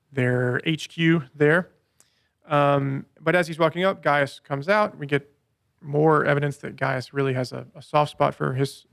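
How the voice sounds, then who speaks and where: A man's voice: mid-range voice, vocal fry, no echo, studio quality. A man co-hosting a podcast, recapping scenes in a casual chat and quoting lines with playful voices. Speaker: podcast co-host.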